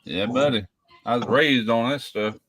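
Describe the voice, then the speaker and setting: A man's voice: mid-range voice, moderate pace, a bit bright, dry recording. A friendly, chatty man in a casual conversation, talking about his home cooking. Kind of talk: casual chat.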